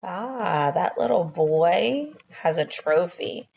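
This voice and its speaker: A woman teaching young children phonics, sounding out letters slowly and praising them, a little sleepy and yawning. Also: on the low side, animated, creaky, darkish tone, breathy edge, muffled recording.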